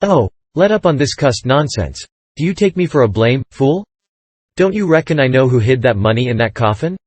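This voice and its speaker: A man's voice: medium pitch, very animated, moderate pace, darkish tone, dry recording. A man reading aloud, voicing an angry, bossy male con-man duke who scolds sharply.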